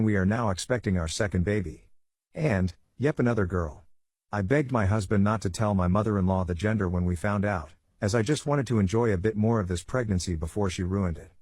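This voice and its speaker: A man narrating a bedtime story with a steady, even storytelling delivery. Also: lowish voice, no echo.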